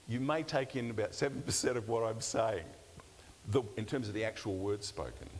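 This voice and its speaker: An older man, a pastor teaching a seminar session in a conversational, self-deprecating way with light humour. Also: lowish voice. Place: church hall. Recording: long church-hall reverb, faint hiss.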